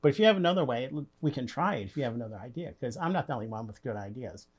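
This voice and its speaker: A man's voice: medium pitch, animated, very fast, slightly rough. Man, podcast guest, plainspoken, friendly, storytelling. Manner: friendly, plainspoken, repeats words as he starts. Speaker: construction company leader, guest. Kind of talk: conversational storytelling.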